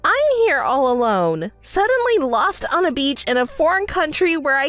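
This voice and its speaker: A woman's voice: high-pitched, very animated, moderate pace, few pauses, a bit bright, no echo, faint music behind. A woman reading the bride's messages aloud in a text story, scolding and indignant. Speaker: narrator voicing the bride.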